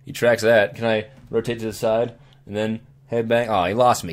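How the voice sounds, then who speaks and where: A man's voice: fairly low pitch, level tone, normal speed. A man hosting a gaming video, rambling casually in a playful, joking, self-amused way.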